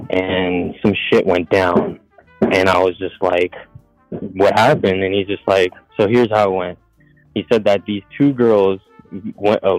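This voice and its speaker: Male caller, lowish voice, profane rambling storyteller, dry close sound. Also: dry recording, low-quality recording. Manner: profane, rambling, quotes others. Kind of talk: casual storytelling.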